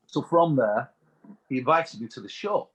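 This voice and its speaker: A British man, a business owner as interview guest, telling anecdotes in a chatty, animated way. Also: mid-range voice, moderate pace, husky, highs cut off.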